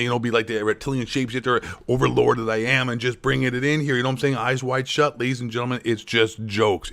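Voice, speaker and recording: A man's voice: mid-range voice, a bit bright. A young man hosting a sarcastic commentary vlog, rambling with joking asides. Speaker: gaming commentary channel host.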